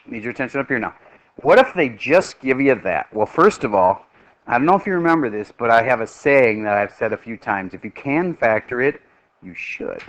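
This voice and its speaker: A middle-aged man teaching a math class, lively and joking as he quizzes his students. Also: mid-range voice, a little hiss or hum, rough recording.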